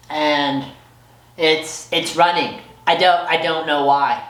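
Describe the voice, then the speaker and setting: A man talking casually in a home garage vlog as a motorcycle mechanic, exasperated and excitable, with a rambling way of talking. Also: a little high, takes it slowly.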